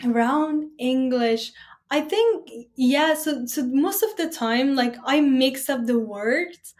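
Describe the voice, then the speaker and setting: High-voiced young woman. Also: takes it slowly. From Afghanistan. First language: Persian (Farsi). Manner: lively storytelling, repeats "like" and "oh my gosh". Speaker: guest. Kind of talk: casual interview chat.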